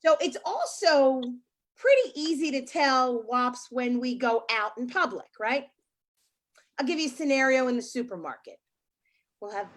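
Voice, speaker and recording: A woman comedian doing a brash stand-up set about family life, with crude punchlines. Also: high-pitched.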